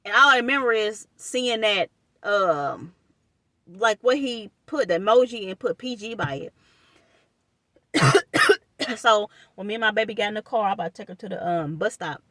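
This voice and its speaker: Animated young woman. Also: mid-range voice, moderate pace, pauses often, dry recording, studio quality. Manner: animated, addresses viewers as y'all. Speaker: vlogger telling a personal story. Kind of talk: casual storytime chat to viewers.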